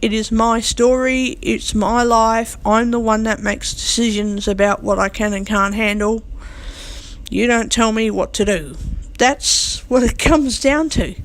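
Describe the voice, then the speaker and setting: Talking unscripted to the camera, a woman vlogs bluntly and defiantly, using coarse language and emphatically hammering the same points over and over. Her voice is a little high and a little slow, with fairly even intonation.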